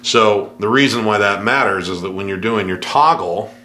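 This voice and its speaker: A man teaching a piano lesson, scatting rhythms in nonsense syllables to show the feel, relaxed and easygoing. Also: fairly low pitch, moderate pace, slight background noise. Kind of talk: music lesson with spoken rhythm demos.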